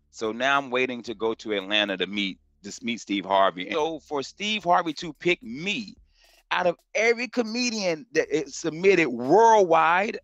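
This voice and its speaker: A middle-aged man, a comedian from North Carolina, telling a story in a casual interview in an animated, slangy way and acting out the other voices. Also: mid-range voice, dry recording, dull audio. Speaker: comedian guest.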